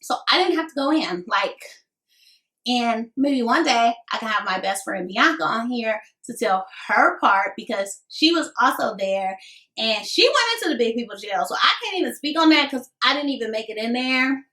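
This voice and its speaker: A woman's voice: on the high side, moderate pace. Chatty young woman telling a story. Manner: chatty, animated, addresses viewers. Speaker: vlogger. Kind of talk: casual storytime. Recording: echoey room.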